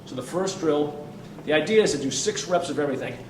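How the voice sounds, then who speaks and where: A man's voice: on the high side, quick pace. Man coaching drills in a roomy gym. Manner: energetic, counts reps while exercising. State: out of breath at times. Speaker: fitness coach. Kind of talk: demonstrating warm-up drills. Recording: roomy, distant mic with ambient noise.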